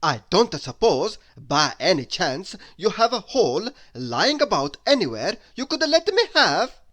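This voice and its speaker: A woman voicing an eager, naive male seal who talks loudly and excitedly in a storybook reading. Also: fairly low pitch, measured pace. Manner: loud, excited, pleading.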